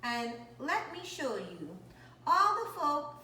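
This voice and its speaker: Gentle lonely old woman, as a female reader puts her on. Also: sits high, very animated, takes it slowly, slight background noise, voice pushed up, exaggerated voice. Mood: fond. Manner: soft, soothing storybook reading. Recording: echoey room, distant mic.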